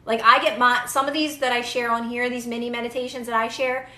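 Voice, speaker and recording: A woman's voice: a little high, steady tone, a little fast, sharp tone, echoey room. A young woman giving casual, earnest manifestation advice to viewers on a live stream, repeating phrases for emphasis.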